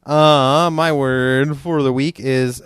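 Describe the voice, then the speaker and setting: A man co-hosting a podcast in casual chat, easygoing and quick to laugh as he explains words. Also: mid-range voice, fairly even intonation, a bit bright, smooth, no room sound. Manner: easygoing, laughs often, explains word definitions. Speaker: podcast co-host.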